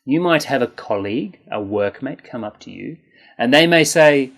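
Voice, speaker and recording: An English pronunciation teacher who says each word slowly and repeats it, stretching out the sounds, in a patient, encouraging way. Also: mid-range voice, expressive, gravelly. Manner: slow, deliberate, exaggerated enunciation with repeated words. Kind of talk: scripted pronunciation lesson.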